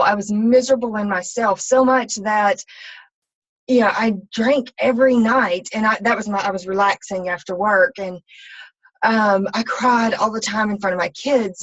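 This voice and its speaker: A woman, a fitness coach, telling her personal story in a candid, rambling way full of ums and restarts. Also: a little high. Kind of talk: personal testimony talk. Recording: slightly dull, lo-fi sound.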